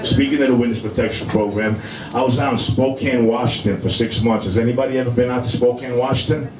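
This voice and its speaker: A middle-aged man with a thick New York accent works a stand-up crowd, rambling and streetwise, leaning on "you know" every few words. His voice sits at an ordinary pitch and bounces around a roomy club. Noisy room ambience hangs behind him. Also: steady tone, fast, darkish tone, far from the mic. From Brooklyn, New York. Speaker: stand-up comedian. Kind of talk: stand-up comedy set. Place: comedy club in front of a live audience.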